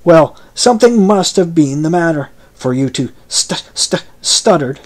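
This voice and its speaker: A gruff sailor, as a man puts him on, growling his questions in a loud, high voice. He sounds blunt and rough. Read aloud like an audiobook. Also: animated, unhurried. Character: gruff male forecastle sailor woken from a doze.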